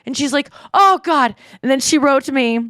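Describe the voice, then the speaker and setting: A woman in her thirties hosts a podcast, chatting casually and breaking into giggles as she reads texts aloud. Her voice sits a little high, and the sound is close and dry. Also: fairly even intonation, fast, dry recording. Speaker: podcast host. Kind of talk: casual chat.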